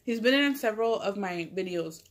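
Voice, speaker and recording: A woman tells a story to her camera in a loose, rambling way. She fills her talk with "like" and keeps stopping to correct herself. Her voice sits at a middle pitch. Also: lively intonation, moderate pace, a little hiss or hum. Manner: rambling, full of "like" and self-corrections. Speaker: mukbang vlogger. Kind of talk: casual storytelling.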